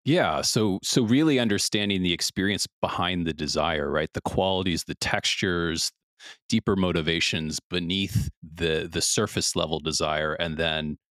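Male podcast host, very deep voice, reflective and thoughtful, dry close sound. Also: normal speed, fairly bright tone, dry recording. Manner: reflective, thoughtful, often checks in with "right?". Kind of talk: casual interview chat.

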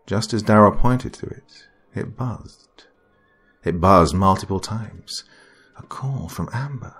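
A man reading a horror story as narrator in a slow, dramatic storytelling manner. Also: sits low, fairly bright tone, faint music behind.

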